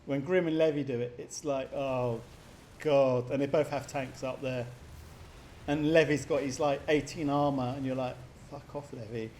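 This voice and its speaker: A man's voice: mid-range voice, steady tone, moderate pace, a little mellow, a little hiss or hum. A man casting a multiplayer strategy game in a loose, chatty way, laughing and teasing the players. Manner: chatty, laughs often, puts on silly voices for players. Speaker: game caster. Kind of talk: casual game commentary.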